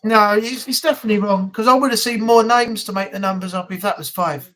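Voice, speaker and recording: A woman's voice: medium pitch, quick pace, a bit bright. A woman hosting a casual weekly live chat, rambling and chatty with lots of ums. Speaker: live stream host.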